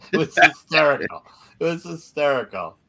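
A man's voice: fairly high pitch, vocal fry, bright, forceful tone, a little hiss or hum. A man co-hosting a comedy podcast, telling a story in casual chat and laughing often. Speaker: podcast co-host.

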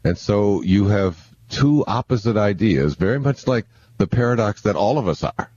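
A man's voice: on the low side, animated, darkish tone, dry recording, muffled recording. A man explaining spiritual ideas in a reflective conversational way, stumbling and repeating words as he thinks aloud into a handheld microphone. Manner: halting, many restarts and repeated words. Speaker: guest speaker on spiritual living.

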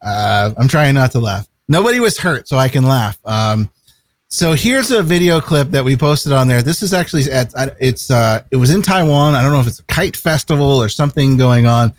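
A man's voice: mid-range voice, lively intonation, brisk, no room sound. A man co-hosting a casual chat show, talking in an easygoing, rambling way and laughing often. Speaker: co-host.

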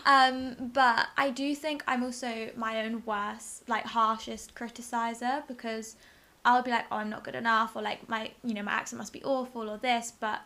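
Bright-voiced young English woman. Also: fairly high pitch, level tone, moderate pace. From England. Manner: friendly, agreeable, frequent backchannels. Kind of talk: casual chat.

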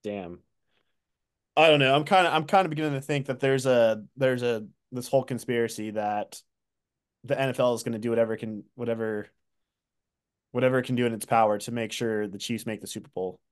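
A man's voice: mid-range voice, brisk, clean tone. A young man co-hosting a sports podcast, chatty and joking. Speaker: podcast co-host. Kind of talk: casual sports chat.

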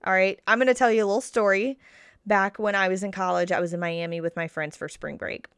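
Woman coach, smooth voice, dry close sound, chatty motivational talk, keeps checking in with "right?". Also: mid-range voice, fairly even intonation, brisk, fairly bright tone, no echo. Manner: checks in with listeners constantly, "right?" and "okay?"; repeats key points for emphasis. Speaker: body-confidence coach. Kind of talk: casual motivational podcast talk.

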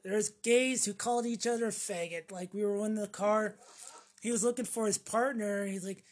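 A woman's voice: mid-range voice, fairly even intonation, normal speed. A woman delivering a profane, sarcastic ranting monologue to camera, mocking the people she talks about. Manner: sarcastic, acts out mocking voices; swears freely. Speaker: vlogger.

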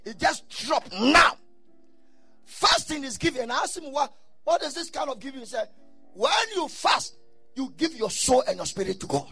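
A man preaching a sermon, telling stories and breaking into shouted bursts. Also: very high-pitched, expressive, moderate pace, slightly rough, dry recording, faint music behind. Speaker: pastor.

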